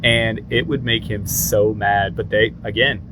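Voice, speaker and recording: A man's voice: fairly low pitch, a little slow. A man in his forties telling stories in a casual podcast chat. He acts out the lines of the people in his stories. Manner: animated storyteller who acts out other people's lines. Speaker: podcast co-host. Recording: steady background noise.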